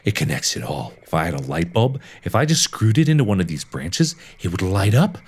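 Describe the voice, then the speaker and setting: Man doing a sleepless, paranoid game doctor: low hushed mutter, rambling, lively swings in pitch. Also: brisk, husky, exaggerated voice. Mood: brooding, muttering.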